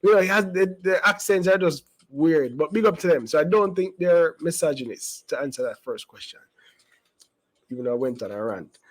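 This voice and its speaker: A man's voice: fairly high pitch, lively intonation, fairly quick, low-quality recording. A man giving casual, rambling commentary as a channel host, emphatic and full of asides and restarts.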